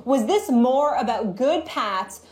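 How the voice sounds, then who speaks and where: A woman hosts a sports show in a brisk, upbeat presenting manner. Her voice is fairly high, and the room gives it an echo. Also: lively intonation, darkish tone. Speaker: host. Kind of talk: show hosting.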